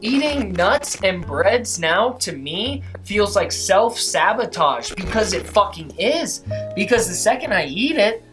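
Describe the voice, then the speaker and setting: A woman's voice: mid-range voice, very animated, unhurried, music in the background. A young adult woman vlogger giving a casual motivational monologue, swearing constantly and talking emphatically in rambling runs.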